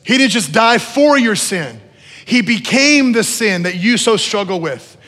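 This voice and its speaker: A man preaching a sermon as pastor to a congregation, repeating key phrases and building to loud emphatic peaks. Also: sits high, animated, unhurried. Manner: repeats phrases for emphasis, asks the room to respond. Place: church hall with long reverb. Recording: echoey church hall.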